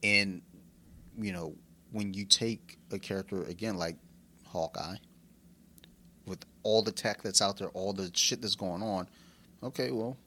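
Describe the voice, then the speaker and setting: A man co-hosting a casual podcast chat, talking in a rambling, profane and excitable way. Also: low-pitched, unhurried, pauses often, a little hiss or hum. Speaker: podcast co-host.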